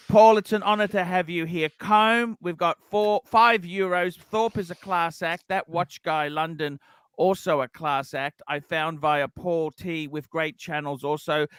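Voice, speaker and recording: A man's voice: on the high side, fairly bright tone, clear, resonant tone, dry recording. A man hosting a casual livestream, reading out donations and rambling with many restarts. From Australia. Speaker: livestream host.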